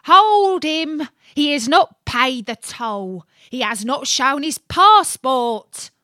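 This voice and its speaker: A woman voicing a menacing male water rat who loudly demands a passport and toll. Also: on the high side, animated, slow, dry recording, clean studio sound, exaggerated voice. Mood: shouting. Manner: demanding, shouting.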